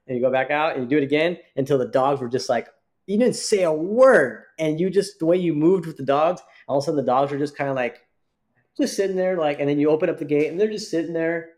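Male podcast co-host, mid-pitched, talks in long rambling anecdotes. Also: a little mellow. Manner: rambling storyteller, many restarts and fillers. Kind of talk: casual chat.

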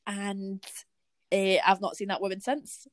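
Scottish woman telling lively sweary stories. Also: medium pitch, unhurried, no room sound. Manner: lively storytelling with frequent swearing. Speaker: podcast host. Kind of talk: casual chat.

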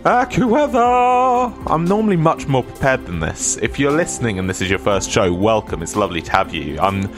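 A man's voice: sits low, expressive, brisk, few pauses, soft background music. Rambling radio host, man. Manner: rambling, self-deprecating, chatty asides. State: slightly stuffy from a cold. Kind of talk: casual radio chat and weather reading.

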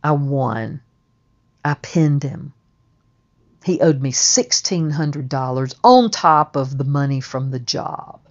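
A woman's voice: rumbling low, animated, slow pace, lo-fi sound. A woman telling a first-person story in a blunt, emphatic way, with plenty of swearing.

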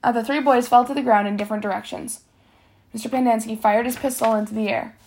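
A woman reading a novel aloud, steady, sometimes stumbling and correcting herself. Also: on the high side, fast. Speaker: reader.

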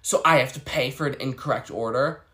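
A man's voice: medium pitch, fairly quick, bright, forceful tone, close to an everyday voice. A man quoting a rude, demanding woman customer. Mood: indignant. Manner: indignant, demanding. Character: rude entitled woman customer at an ice cream shop.

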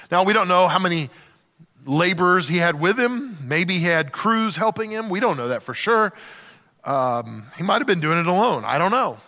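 A middle-aged male pastor preaches in a relaxed, joking, candid way. His voice sits fairly high and rings bright. A long church reverb trails behind every phrase. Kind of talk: sermon.

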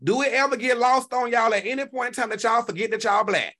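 A man, hosting a live stream and reacting to chat in an animated, profane, talk-back way. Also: extremely high pitch, fast talker. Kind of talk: casual live stream commentary.

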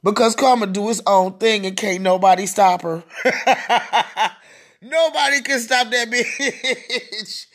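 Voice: mid-range voice, slow pace, fairly bright tone. A podcast host ranting solo, mocking and cursing, who keeps breaking into laughter.

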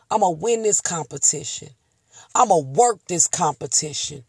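A woman hosting a faith-based motivational talk in a preacherly, emotional way, moving from hushed tearful prayer to loud bold declarations. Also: fairly low pitch, lively intonation, moderate pace, creaky, slightly rough, no echo. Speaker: motivational podcast host.

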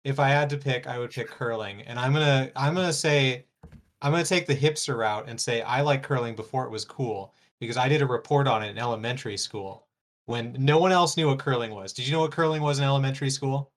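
A man's voice: mid-range voice, quick pace. A young man chatting casually as a podcast guest, joking and self-deprecating. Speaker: intern and guest. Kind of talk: casual chat.

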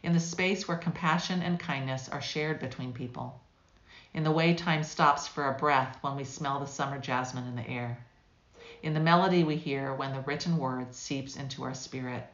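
A woman reading her devotional reflection aloud in a calm, measured, thoughtful way. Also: extremely low pitch, reverberant, muffled recording. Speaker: guest devotional writer.

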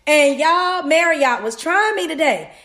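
A woman's voice: sits high, measured pace, echoey room. A woman giving a casual motivational sermon, talking straight to her listeners. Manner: animated, talks straight to listeners with "y'all". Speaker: podcast host giving a devotional.

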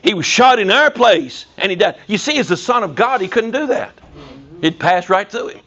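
A man preaching a sermon in a prison, telling a story in a folksy, animated way. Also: high-pitched, normal speed, highs cut off. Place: prison chapel.

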